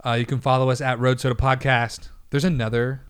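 A man's voice: mid-range voice, level tone, brisk, clean tone. A man co-hosting a casual comedy podcast, ranting in mock anger and swearing freely. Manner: profane, mock-angry ranting. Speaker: podcast co-host.

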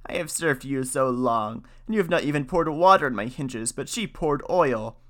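A man's voice: medium pitch, expressive, fairly bright tone, natural voice. A man doing a grudging old gate. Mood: resentful. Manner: slow, complaining. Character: old creaking gate, resentful.

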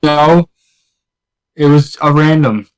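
A man with a slightly raised pitch who reacts to comic plots in a blunt, profane, animated way. He talks casually and jumps in with incredulous remarks. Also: slow pace, clear, resonant tone. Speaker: comic book podcast co-host. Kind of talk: casual chat.

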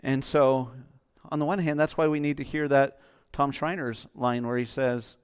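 A man preaching a sermon as pastor, impassioned, moving between loud urging and soft, hushed lines. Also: mid-range voice, steady tone, moderate pace, clean tone.

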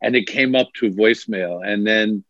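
A man, a bishop, telling stories as an interview guest, animated and self-mocking, laughing often. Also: on the low side, moderate pace, no room sound. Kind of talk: casual storytelling in an interview. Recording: dry, dull lo-fi sound.

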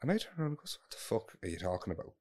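A man's voice: fairly low pitch, big pitch swings, very fast, a little mellow. An Irish man telling a long story in casual chat, rambling, swearing freely and restarting his sentences.

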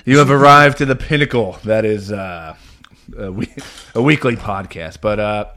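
A man's voice: fairly low pitch, normal speed. Ranting man hosting a podcast. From New Jersey. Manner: animated, ranting, lots of "like" and restarts. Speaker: podcast host. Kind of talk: casual podcast chat.

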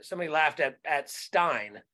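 Male comic co-host, high voice, animated rants, casual podcast banter. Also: normal speed. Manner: animated, ranting, swears freely. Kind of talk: casual comedic chat.

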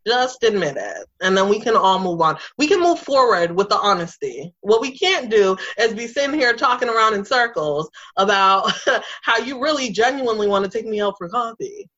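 A woman's voice: mid-range voice, expressive, normal speed, a bit bright. A woman co-hosting a casual chat who gives blunt, emphatic opinions. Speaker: podcast co-host. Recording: dull, lo-fi sound.

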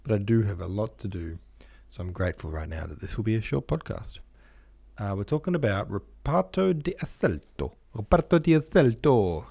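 A man's voice: fairly low pitch, expressive, fairly quick, vocal fry, darkish tone, slightly rough, no echo. A man hosting a casual solo podcast, chatting in a self-deprecating way and thinking aloud. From Australia. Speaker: podcast host.

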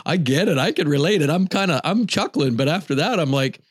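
Middle-aged guy ranting a story on a podcast, fairly high voice, swings all over, dry close sound. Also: a little fast, breathy edge, dry recording. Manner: animated, laughing storyteller. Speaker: podcast co-host. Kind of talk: casual storytelling chat.

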